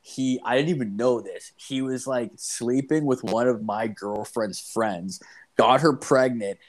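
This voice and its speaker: A man's voice: mid-range voice, a little slow. A man casually telling a story on a podcast, rambling and swearing, with frequent restarts. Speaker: podcast host. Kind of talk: casual chat.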